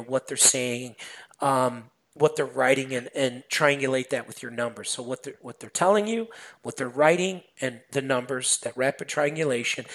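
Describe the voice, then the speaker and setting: A man guest on a podcast, a sales manager chatting casually and telling stories with lots of fillers. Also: medium pitch. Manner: animated storytelling, many fillers.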